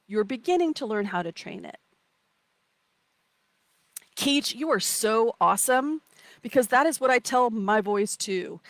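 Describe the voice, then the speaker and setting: This woman speaks on the higher side, recorded without echo. She coaches a live online session from outside, playfully and encouragingly reading the chat aloud and acting out inner voices with warmth.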